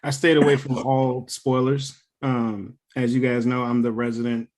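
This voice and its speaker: Young male co-host, casual chat, animated, profane, laughs often. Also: mid-range voice, normal speed. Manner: animated storyteller, swears freely, laughs often. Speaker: podcast co-host.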